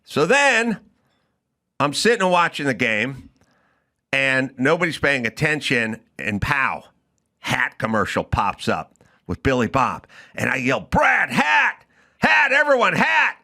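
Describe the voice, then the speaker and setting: A man hosting a comedy talk show, telling an animated, ranting story in a studio. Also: mid-range voice, unhurried. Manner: animated, ranting, yelling in retold scenes. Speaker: host.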